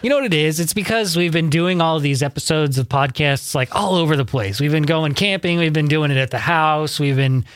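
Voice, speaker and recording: A man hosts a relaxed podcast in a studio, chatting loosely and circling back on his thoughts. His voice is smooth and resonant and sits a little high for a man. The sound is close and dry, with no room echo. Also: a little fast, few pauses. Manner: easygoing, rambling with restarts. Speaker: podcast host. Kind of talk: casual chat.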